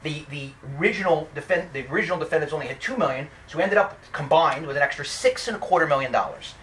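Animated storytelling lawyer, fast and fairly high-voiced, keeps restarting sentences. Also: male voice, a little hiss or hum. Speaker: personal injury lawyer giving a talk. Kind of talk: storytelling lecture.

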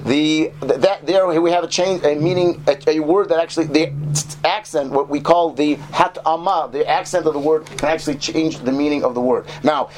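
A man with a slightly raised voice teaches a quick informal lesson to a class. He rambles, restarts words and throws questions at his listeners. A faint hum sits under the recording. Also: a little high, steady tone, darkish tone. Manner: rambling, self-correcting, quizzes listeners. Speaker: Torah teacher.

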